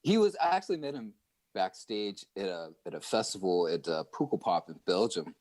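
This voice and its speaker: A man guesting on a podcast, telling stories in a chatty, animated way with lots of fillers. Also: sits low, brisk, no echo. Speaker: guest musician. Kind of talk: casual podcast storytelling.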